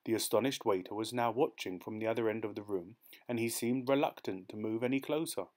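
A man reading a short story aloud as an audiobook narrator, steady and measured. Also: lowish voice.

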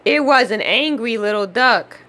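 A woman reading a children's storybook aloud in an expressive, unhurried way. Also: a little high. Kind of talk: read-aloud storybook narration.

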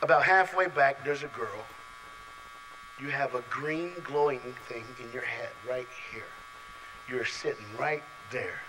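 A man preaching a lively youth sermon to a large live audience, playful and direct, calling on people in the crowd and swinging from soft asides to shouts. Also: medium pitch, measured pace, background noise.

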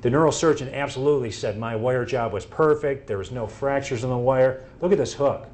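A man's voice: mid-range voice, brisk, darkish tone. A man presenting to a room, walking through cases and acting out his exchanges with patients and doctors. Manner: anecdotal, acts out quoted exchanges. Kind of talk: live medical presentation.

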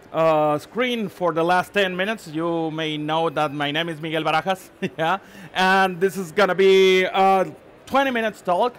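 A man from Mexico with a Mexican accent gives a live tech talk at a conference. He speaks in a halting way, restarts words, and keeps checking in with the audience. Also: on the high side, fairly bright tone. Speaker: conference presenter. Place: conference session room.

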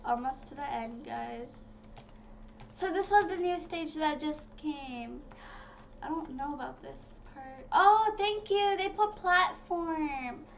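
A woman giving casual, excitable commentary while playing a video game, talking to her viewers. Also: high voice, slow pace, gravelly. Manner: chatty and excitable, talks to viewers as "guys". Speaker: gaming channel host. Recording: slightly dull lo-fi audio with faint noise.

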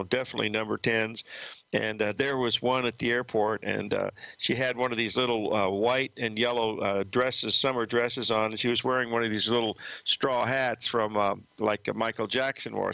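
A man's voice: mid-range voice, vocal fry, pushed and bright, no echo, lo-fi sound. An older man hosting a market show, talking in a rambling, folksy way with many fillers. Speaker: market analyst host. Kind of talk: casual market commentary with stories.

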